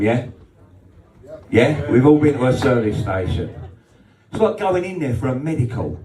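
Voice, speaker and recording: A man doing a brash, sweary stand-up set in a small club. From England. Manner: brash and sweary, with lively swings in pitch. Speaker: stand-up comedian. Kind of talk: stand-up set with crowd laughter. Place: small club function room. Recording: roomy club sound from a distance.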